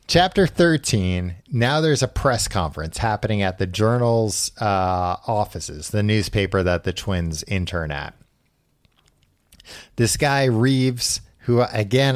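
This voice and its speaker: A man's voice: on the low side, no echo, studio quality. A man hosting a podcast, recapping a book in casual chat with a wry storytelling manner. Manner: wry, storytelling with acted quotes. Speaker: podcast host.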